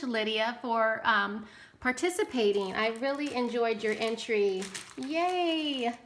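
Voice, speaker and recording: A woman's voice: a little high, fairly bright tone, a little hiss or hum. Gushing woman showing off craft mail. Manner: gushing, enthusiastic, lots of "oh my goodness". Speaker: craft channel host. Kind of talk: casual show-and-tell vlog. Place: indoors near bright sunlight.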